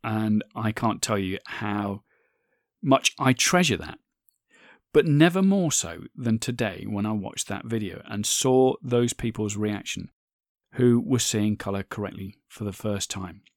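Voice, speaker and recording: A man's voice: on the low side, lively intonation, unhurried, no room sound, studio quality. A man hosting a solo podcast, talking in an earnest, reflective way with frequent restarts. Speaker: podcast host.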